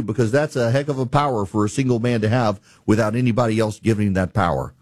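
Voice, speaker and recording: A man's voice: fairly low pitch, fast talker, hardly any pauses, a little mellow, no room sound, clean studio sound. A man hosting a talk radio show, giving emphatic, exasperated political commentary.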